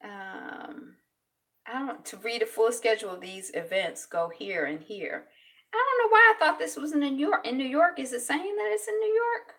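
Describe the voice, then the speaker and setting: Bright-voiced woman rambling through news. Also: sits high, lively intonation, normal speed, recorded from a distance. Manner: rambling and chatty, thinks aloud. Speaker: vlogger. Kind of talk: casual news commentary.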